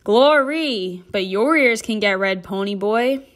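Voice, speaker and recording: Teacher lady reading a cocky tough teen boy, loud and offhand, kinda careless. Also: mid-range voice, animated, slow pace.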